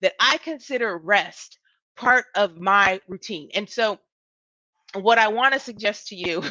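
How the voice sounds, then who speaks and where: A woman in her thirties, a business coach hosting her show, telling a personal story in a lively, laughing way with lots of repetition. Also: mid-range voice, measured pace, no echo, muffled recording. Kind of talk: casual solo talk to camera.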